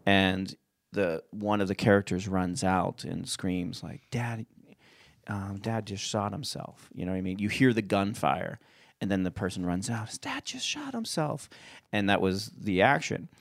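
A man's voice: deep voice, expressive, measured pace, gravelly, no echo, clean studio sound. A man hosting a comedy podcast, telling a story in a chatty, rambling way. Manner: chatty, rambling with fillers and restarts. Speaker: podcast host. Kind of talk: casual storytelling.

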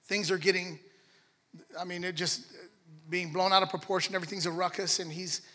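A young man preaching a sermon, telling a personal story in an animated way and acting out voices in the dialogue. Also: high-pitched, a little fast. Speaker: pastor. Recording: long reverb of a large hall.

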